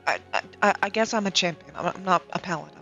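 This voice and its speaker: Bright, stammering female player. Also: lowish voice, rapid-fire, vocal fry, muffled recording, faint music behind. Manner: stammering, nervous. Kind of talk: casual tabletop play.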